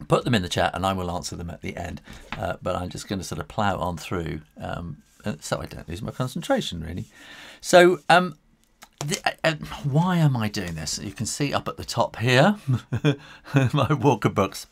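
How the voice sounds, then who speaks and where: A man's voice: on the low side, animated, normal speed, gravelly, slightly rough. A man chatting casually with his viewers while drawing live, rambling and breaking off mid-sentence, with a light laugh now and then. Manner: chatty and rambling, with self-interruptions.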